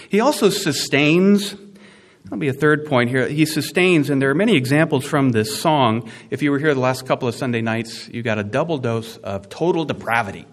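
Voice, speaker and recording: A man preaching a sermon, animated and conversational, with asides and emphatic rising peaks. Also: mid-range voice, normal speed. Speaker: pastor.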